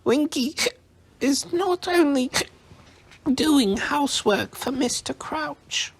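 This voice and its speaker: A man voicing a drunk, tearful female house-elf who squeaks, slurs and coughs as she talks. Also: animated, slow pace, vocal fry, full character voice. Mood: indignant. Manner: whimpering, indignant.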